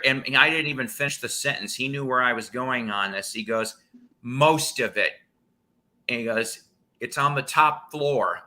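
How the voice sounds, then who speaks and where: Bright, slow-talking storyteller man. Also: mid-range voice. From northern United States. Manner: rambling anecdotes with frequent chuckles. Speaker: host of a record-collecting live stream. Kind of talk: casual storytelling chat.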